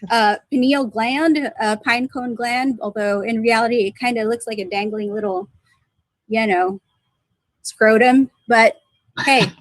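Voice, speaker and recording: A woman presenting a science segment with cheeky, deadpan innuendo. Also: on the high side, measured pace, dry recording.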